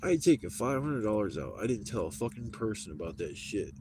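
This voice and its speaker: A man's voice: on the low side, big pitch swings, fairly quick, background noise. Rambling, foul-mouthed man telling a story. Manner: rambling, heavy swearing. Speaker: live streamer. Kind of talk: casual storytelling.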